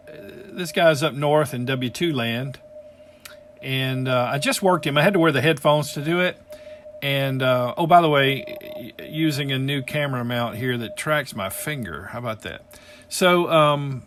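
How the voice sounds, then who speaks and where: A man's voice: mid-range voice, a little slow, slight background noise. A man with a Southern US accent, an amateur radio operator talking casually to viewers in a rambling way with plenty of fillers. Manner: drawling, folksy, addresses viewers as y'all; rambling with many fillers, drops quieter when explaining gear. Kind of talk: casual show-and-tell vlog.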